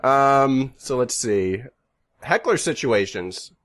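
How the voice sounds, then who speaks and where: A man's voice: mid-range voice, lively intonation, takes it slowly, fairly bright tone. A man hosting a casual comedy podcast, telling stories and acting out quoted voices with animation. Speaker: podcast host.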